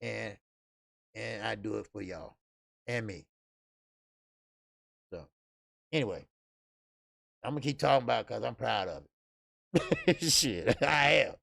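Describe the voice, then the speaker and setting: Man, gravelly, dry close sound, casual profane boxing chat. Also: fairly low pitch, lively intonation, slow, long pauses, a bit bright, dry recording. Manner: loose, profane, laughs at his own stories. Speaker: boxing show host. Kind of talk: casual solo boxing commentary.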